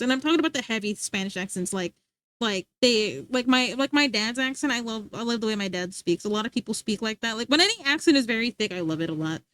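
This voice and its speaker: A woman's voice: fairly high pitch, fairly bright tone, dry recording. A young woman livestreaming from home, chatting casually with her viewers, teasing them playfully and laughing often. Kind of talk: casual chat reading stream chat. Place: home streaming setup.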